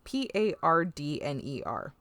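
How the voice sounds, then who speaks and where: A woman's voice: sits low, sing-song, unhurried, a bit bright, a little hiss or hum. A woman co-hosting a podcast, chatting casually and recapping an episode, with lots of fillers, swearing and laughter. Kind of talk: casual chat.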